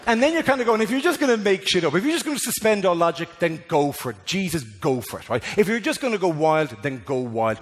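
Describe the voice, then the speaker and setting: An Irish man doing a stand-up comedy routine in a theatre, animated and loud, breaking into mock voices and singing. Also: on the high side, fairly quick, few pauses, in a large hall. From Ireland. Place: large theatre before a live audience.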